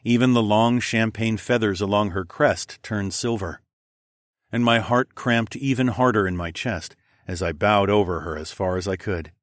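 Guy reading a story out loud, steady pace, kinda low voice, dead dry sound. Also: normal speed, no echo. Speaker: audiobook narrator. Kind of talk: first-person fiction narration.

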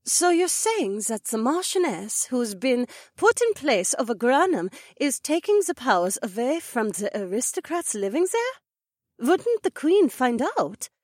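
A woman's voice: high-pitched, big pitch swings, unhurried, a little mellow, no echo, studio quality, full character voice. Woman doing an alarmed young noblewoman. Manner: urgent, rising questions. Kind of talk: audiobook dialogue acting.

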